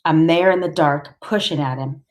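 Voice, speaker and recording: A woman reading a novel aloud in the first person with a steady, intense storytelling manner. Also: sits low, moderate pace. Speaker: audiobook reader.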